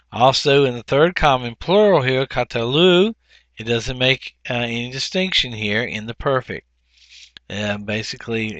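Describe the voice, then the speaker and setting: Bright-voiced man teaching a lesson. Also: medium pitch, dry recording. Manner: explanatory, with frequent ums and restarts; slows to sound out words. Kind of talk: recorded grammar lesson over slides.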